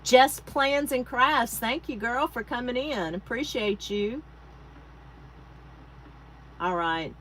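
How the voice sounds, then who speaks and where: A woman's voice: on the high side, slow pace, long pauses, fairly bright tone, a little hiss or hum, rough recording. A woman hosting a casual craft livestream, chatting and thanking viewers by name with rambling asides. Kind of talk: casual live-stream chat. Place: home craft space.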